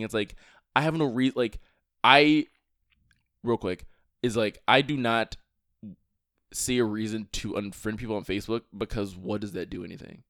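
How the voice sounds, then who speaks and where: A man's voice: fairly low pitch, brisk, a bit bright, no room sound, studio quality. A young man co-hosting a podcast, ranting in casual chat, restarting his sentences a lot and swearing often. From Virginia. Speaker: podcast co-host.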